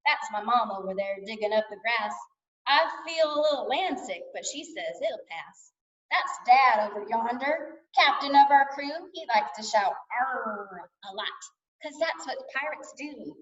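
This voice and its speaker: A woman voicing a young pirate boy who talks in a rough pirate way, for a storybook reading. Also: on the high side, lively intonation, a little slow, fairly bright tone. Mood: cheerful. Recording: distant dull lo-fi sound.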